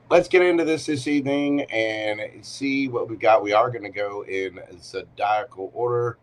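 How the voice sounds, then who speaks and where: A man's voice: lowish voice, rough recording. A man hosting a casual live tarot reading, chatting to viewers and talking to himself as he shuffles cards at home. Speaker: tarot reader.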